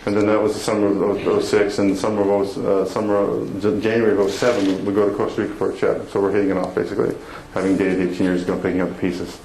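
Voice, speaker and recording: A man's voice: on the low side, level tone, fast, hardly any pauses. Man telling a story in an echoey hall. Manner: warm, laughing, self-deprecating storytelling. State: emotional. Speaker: motivational speaker. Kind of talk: storytelling talk to an audience. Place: conference hall before an audience. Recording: echoey hall with room noise.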